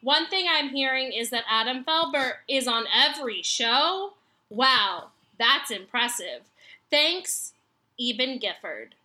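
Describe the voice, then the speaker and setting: Slow, bright high-voiced woman reading mail. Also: expressive. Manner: slow, careful reading with giggles. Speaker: podcast co-host reading listener mail. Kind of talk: reading listener emails aloud.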